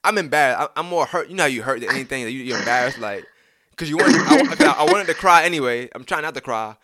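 A man's voice: medium pitch, big pitch swings, quick pace, crowd noise. A young man casually telling a story from his childhood, rambling with many restarts and asides, and acting out the lines he quotes.

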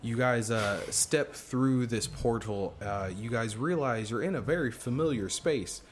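A man narrating as game master, loose and halting, with frequent fillers. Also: mid-range voice, slight background noise.

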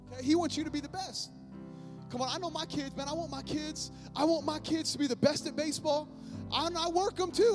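A male pastor preaching a lively sermon to his church, often calling out to the congregation. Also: very high-pitched. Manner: energetic, calls on the congregation often. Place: church sanctuary.

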